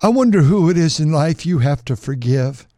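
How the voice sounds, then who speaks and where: Male preacher, high tenor, fervent sermon delivery with emphatic repetition, dry close sound. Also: expressive, moderate pace, warm tone, no room sound. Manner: fervent, repeats words for emphasis. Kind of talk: sermon with scripture reading.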